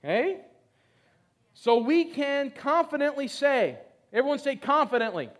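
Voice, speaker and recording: A man's voice: extremely high pitch, animated. A middle-aged male pastor preaching a sermon, reading scripture with emphasis and urging his congregation to respond. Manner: exhorting, calls for congregation responses; reads scripture emphatically, slowing on key phrases.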